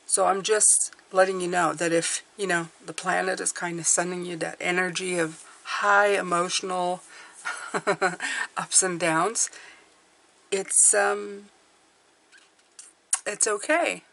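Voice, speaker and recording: A woman's voice: lowish voice, level tone, slow pace, gravelly, a bit bright. Chatty woman giving a tarot reading. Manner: reassuring, chatty, many fillers and restarts. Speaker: tarot reader. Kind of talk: casual spoken tarot reading.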